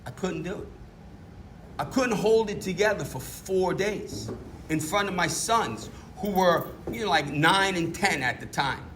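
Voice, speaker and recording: Animated middle-aged New man. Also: high voice, unhurried, slight background noise. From New York. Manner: animated storytelling, candid and self-mocking. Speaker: recovery meeting speaker. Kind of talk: personal testimony talk.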